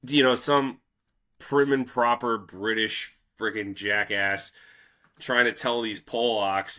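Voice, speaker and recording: A man hosting a casual history podcast, telling the story in a loose, profane, animated way. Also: lowish voice, measured pace. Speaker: podcast host.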